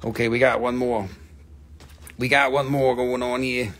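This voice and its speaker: A man's voice: mid-range voice, steady tone, unhurried, a bit bright. A man hosting a live mineral sale in casual, joking patter, teasing his viewers and swearing now and then.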